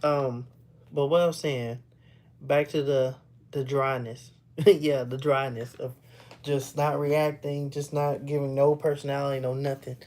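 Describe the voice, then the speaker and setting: A man's voice: little pitch movement, measured pace, a little mellow. Laughing man with a light voice. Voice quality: rather high-pitched for a man. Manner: laughs often, loose and playful, teases chat. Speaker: livestreamer chatting with viewers. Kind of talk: casual live chat.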